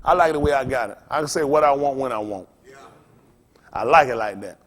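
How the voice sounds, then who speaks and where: A pastor with a medium-pitched voice preaches to his congregation a little fast. His style is blunt, profane, and rambling, and he trades call-and-response with the room.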